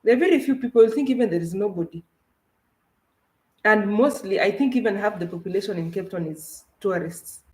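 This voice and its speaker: A woman's voice: mid-range voice, animated, brisk, a little mellow, roomy sound, low-quality recording. A woman from Kenya, a travel vlogger, chatting casually and animatedly with her co-host about her trip, with frequent restarts. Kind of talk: casual livestream chat.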